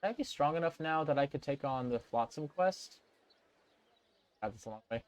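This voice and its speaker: A man's voice: fairly high pitch, animated, normal speed, no echo. A male gamer reading game text aloud and thinking aloud in casual gameplay commentary. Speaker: let's play gamer.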